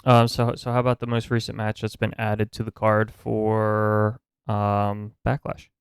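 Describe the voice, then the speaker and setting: A man co-hosting a podcast in laid-back casual chat, pausing often on small fillers. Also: fairly low pitch, completely flat delivery, clear, resonant tone, no echo, studio quality. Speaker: podcast co-host.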